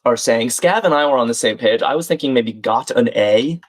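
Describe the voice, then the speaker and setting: A man's voice: medium pitch, normal speed. A man hosting a live crossword stream, thinking aloud, reading out clues and viewers' names, and chatting with them as he solves. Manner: thinks aloud, reads chat names and clues, friendly asides. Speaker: livestream host. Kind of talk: live crossword solving chat.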